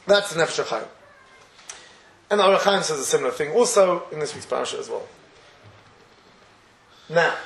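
A man teaches a Torah class in a fairly high voice. He keeps it conversational, chuckling often and acting out little everyday scenes. The echoey room rings around his words. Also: a bit bright.

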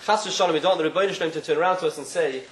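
A man's voice: a little high, rapid-fire, echoey room, a little hiss or hum, low-quality recording. A man telling a parable as part of a sermon, acting out the characters' voices as he goes. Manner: animated storyteller, acts out voices in quotes. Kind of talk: sermon with storytelling.

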